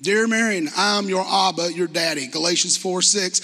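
Earnest high-voiced man in a reverberant church. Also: normal speed, bright, forceful tone. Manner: earnest, conversational, reads scripture aloud. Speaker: church speaker giving testimony. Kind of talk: sermon testimony. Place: church hall.

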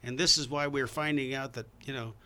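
A man's voice: medium pitch, fairly even intonation, brisk, sharp tone, a little hiss or hum. A man hosting a casual talk show, chatty and rambling, with lots of fillers. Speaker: podcast host.

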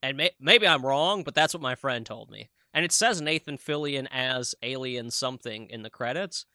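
Bright, dry-voiced enthusiastic man. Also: medium pitch, moderate pace, dry recording. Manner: enthusiastic, swears freely. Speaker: podcast co-host. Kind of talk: casual chat.

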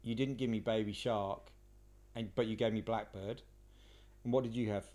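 A man's voice: on the low side, steady tone, moderate pace, darkish tone. A man co-hosting a podcast, chatting casually with playful, teasing banter. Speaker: podcast co-host. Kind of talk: casual chat.

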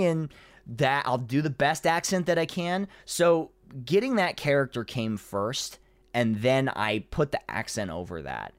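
A man's voice: mid-range voice, moderate pace, clean tone, no room sound. A man, a voice actor, chatting casually as an interview guest, telling a story with lots of fillers and acted-out quotes. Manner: animated storyteller, acts out quotes, frequent "you know" fillers.

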